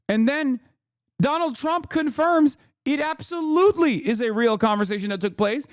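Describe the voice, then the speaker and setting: A male streamer giving casual reaction commentary in a rather high, smooth voice. He rants in animated disbelief, talking straight to his chat. The sound is dry and close, with no room around it. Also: moderate pace, no echo. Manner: animated, incredulous ranting. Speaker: political streamer.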